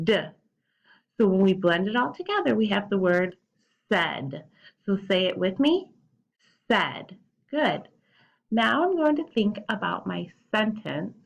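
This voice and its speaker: A woman teacher with a gravelly edge talks young children through a phonics lesson, stretching out each sound and spelling. The audio is dull and lo-fi, like a home recording. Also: mid-range voice. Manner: slow, drawn-out word sounding and spelling.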